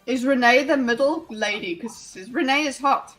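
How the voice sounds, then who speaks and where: A woman's voice: sits high, moderate pace, a bit bright, husky, soft background music, rough recording. A woman chatting casually on a live stream, dropping dry quips and murmuring agreement. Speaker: regular guest on a live stream.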